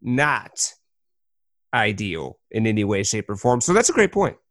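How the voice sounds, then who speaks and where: A man's voice: on the low side, sing-song, measured pace, a bit bright, dry recording. A man hosting a recovery podcast, talking in an upbeat, enthusiastic way. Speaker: podcast host.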